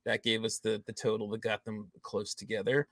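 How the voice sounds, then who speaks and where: A man's voice: lowish voice, level tone, fairly quick, fairly bright tone, no echo. A man hosting a fantasy football trade quiz on a casual podcast, reading out values and laughing often. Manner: reads out numbers, laughs often. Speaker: host running a trade quiz.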